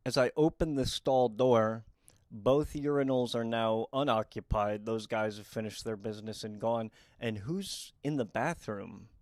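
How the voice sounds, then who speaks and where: A young man telling comic true stories in a quick, deadpan and wry way. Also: medium pitch, no room sound, clean studio sound. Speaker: comedic storyteller. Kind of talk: storytime comedy monologue.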